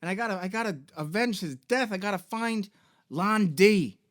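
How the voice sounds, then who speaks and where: A hotheaded teenage game hero, as a man puts him on, swears and rants in exaggerated mock outrage. The voice sits a little high for a man. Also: normal speed, fairly bright tone. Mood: mock-angry.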